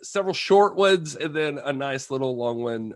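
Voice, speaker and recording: A man's voice: medium pitch, lively intonation, moderate pace. A man hosting a casual podcast chat, amused and laughing often as he reads reviews aloud. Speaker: podcast host.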